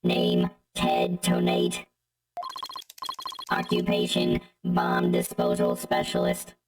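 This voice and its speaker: A synthetic text-to-speech voice playing a terse male bomb specialist in clipped, monotone statements. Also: very deep voice, slow pace, over loud music, rough recording. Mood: flat.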